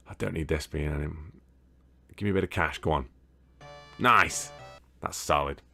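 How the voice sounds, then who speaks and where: A man's voice: low voice, gravelly, fairly bright tone, dry recording. A British man casually commentating as he plays a board game video game, rambling and swearing now and then. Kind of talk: casual let's-play commentary.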